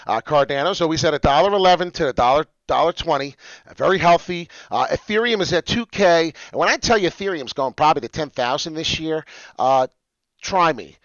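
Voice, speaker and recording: A man from New Jersey hosting a crypto livestream, talking in an animated, passionate, rambling way. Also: fairly high pitch, fairly quick, no echo, highs cut off. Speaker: crypto channel host. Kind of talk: casual livestream chat.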